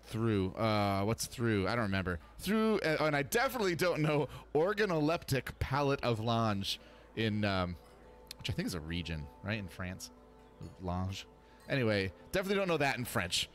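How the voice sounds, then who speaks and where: A man's voice: fairly low pitch, sing-song, moderate pace, faint music behind. Rambling man thinking aloud. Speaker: let's play host. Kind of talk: casual gameplay commentary.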